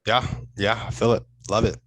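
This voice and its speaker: Man, podcast host, upbeat, affirming, lowish voice, dry recording. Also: level tone, normal speed, a bit bright, dry recording, low-quality recording. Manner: upbeat, affirming, asks long questions. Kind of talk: casual interview chat.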